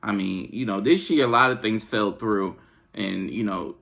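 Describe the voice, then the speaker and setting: A man's voice: lowish voice, moderate pace, gravelly, a bit bright. A man hosting a podcast, venting in a casual, exasperated, slangy rant. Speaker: podcast host.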